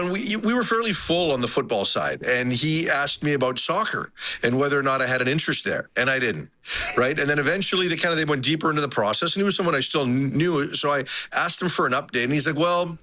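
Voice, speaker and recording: Bright chatty guy breaking down football and soccer on a podcast, keeps saying "you know". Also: medium pitch, lively intonation, fast. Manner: chatty, peppers talk with "right?" and "you know". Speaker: sports analyst. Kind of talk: casual sports talk.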